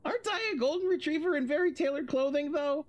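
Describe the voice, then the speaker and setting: A man's voice: medium pitch, fairly quick, close to an everyday voice. Guy doing a giddy teasing young dude, voice pushed way up, bouncy and cheeky. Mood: gleeful.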